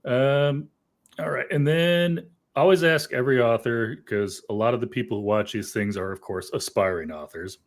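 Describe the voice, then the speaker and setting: A man's voice: mid-range voice, normal speed. A man hosting a casual author interview over a video call, asking friendly, rambling questions. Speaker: host.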